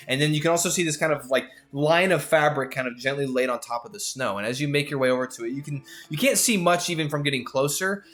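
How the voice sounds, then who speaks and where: A man's voice: mid-range voice, a bit bright. A young man running a tabletop game as game master, describing scenes casually with many fillers and restarts. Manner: casual, rambling narration full of fillers.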